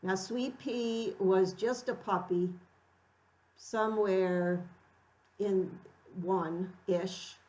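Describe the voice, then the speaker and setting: Woman, middle-aged, slow storytelling, reflective, mid-pitched voice. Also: low-quality recording. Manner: unhurried, reflective, animated when acting out quotes. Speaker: art vlogger telling a personal story.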